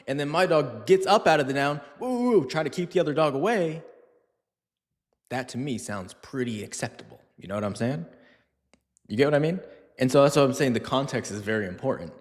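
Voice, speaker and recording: A man's voice: medium pitch, in a large hall. A man who trains dogs, answering viewer questions on a live stream in a loose, chatty way with lots of fillers. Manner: casual, chatty, lots of fillers, acts out scenes in funny voices. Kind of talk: live Q&A stream, casual talk.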